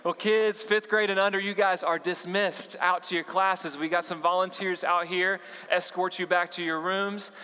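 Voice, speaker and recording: A young man gives a light-hearted sermon, joking with the congregation and tossing questions to them. His voice sits fairly high and sounds bright and forceful. Long reverb from a large hall trails behind his words. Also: steady tone, moderate pace, hardly any pauses, clear, resonant tone. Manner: playful, joking, addresses the crowd with questions. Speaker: youth pastor. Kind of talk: humorous sermon to a church congregation. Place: church auditorium.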